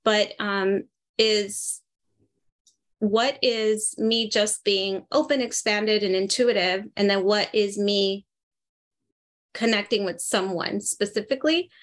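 A woman of ordinary pitch giving a medium reading in a live group call. She talks in a chatty, animated way and breaks into laughter as she passes on messages. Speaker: medium, interview guest.

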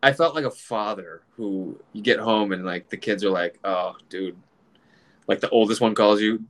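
A man's voice: on the low side, moderate pace. Laughing, profane middle-aged man rambling. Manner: rambling, profane, laughs often, acts out quoted exchanges. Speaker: comedian, group admin. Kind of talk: casual podcast chat.

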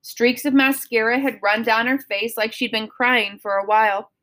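A woman with a fairly high voice reads a children's novel aloud. She tells the story steadily and expressively. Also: steady tone, moderate pace, fairly bright tone. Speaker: audiobook reader.

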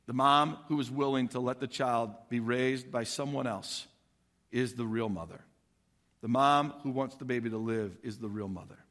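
A man preaching a sermon, retelling a story in an animated, conversational way that swings between loud and soft. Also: mid-range voice, big-room sound.

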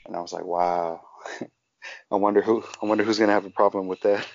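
A man's voice: lowish voice, fairly even intonation, fast talker, no echo. A man co-hosting a casual podcast, rambling through anecdotes with many fillers. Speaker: podcast co-host. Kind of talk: casual chat, storytelling. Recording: dull lo-fi sound.

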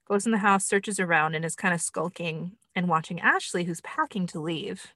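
Une femme commente un film de façon décontractée et sarcastique, avec beaucoup d'hésitations. Sa voix est plutôt grave et le son est très sec, sans écho. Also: female voice, fairly low pitch, a bit bright, no room sound. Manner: sarcastic, chatty, many fillers. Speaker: film reviewer. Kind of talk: casual commentary.

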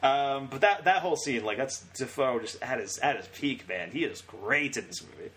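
A man's voice: mid-range voice, lively intonation, normal speed, fairly bright tone, slight background noise. A young man co-hosting a podcast, retelling scenes in a rambling, casual way with frequent laughter. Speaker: podcast co-host. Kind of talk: casual chat.

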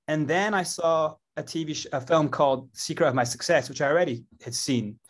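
A man's voice: on the high side, fairly quick. A man with a Scottish accent, a guest in an interview, telling his story in a rambling way with many fillers and restarts. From Scotland.

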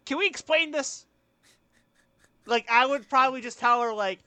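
A man's voice: very high-pitched, moderate pace, long pauses, pushed and bright, clean tone, dry recording. A young man co-hosting a casual podcast chat, rambling, crude and self-mocking, laughing through his stories. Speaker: podcast co-host.

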